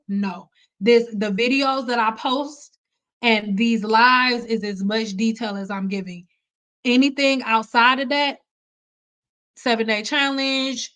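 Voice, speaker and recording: On a livestream picked up by a computer mic, a woman hair stylist tells candid stories in a casual, emphatic way. Her voice sits on the high side and sounds a bit bright.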